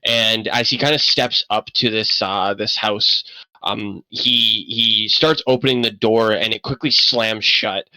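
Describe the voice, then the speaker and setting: A man running a tabletop game as game master, in a lowish, bright, forward voice. He narrates in stops and starts, full of ums and uhs, close to the mic in a dry room. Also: fairly even intonation, no echo, rough recording. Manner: many fillers, halting, stop-start narration.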